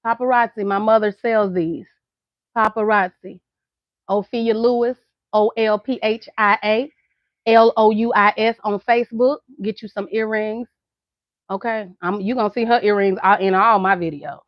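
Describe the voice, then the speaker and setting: A Southern-accented American vlogger in middle age talks casually to camera, breaking into laughter often. Her medium-pitched voice stays fairly even at normal speed, with no room sound, though the audio is dull and lo-fi.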